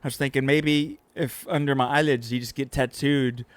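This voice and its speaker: A man's voice: mid-range voice, steady tone, normal speed, clear, resonant tone, no echo. A man co-hosting a podcast in casual chat, rambling and trailing off mid-thought. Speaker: podcast co-host.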